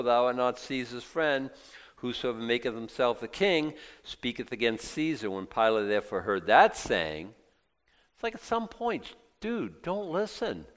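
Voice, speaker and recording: A man preaching a sermon, reading scripture aloud and breaking into lively acted asides. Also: medium pitch, smooth, in a large hall. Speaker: pastor.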